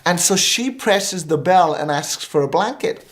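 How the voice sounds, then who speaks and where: Rambling storytelling man, higher pitched. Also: measured pace. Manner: lively anecdotal storytelling with many fillers. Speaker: guest minister. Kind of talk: storytelling in a talk show interview.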